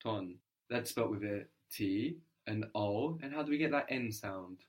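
A man's voice: on the low side, lively intonation, normal speed. A man teaching a language lesson, patiently prompting his learner with questions and often ending lines with "no?".

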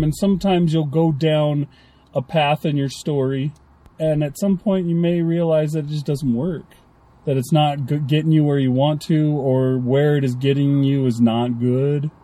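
A man's voice: on the high side, fairly even intonation, moderate pace, dark tone. A man co-hosting a casual podcast chat, rambling and acting out little quoted lines. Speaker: podcast co-host.

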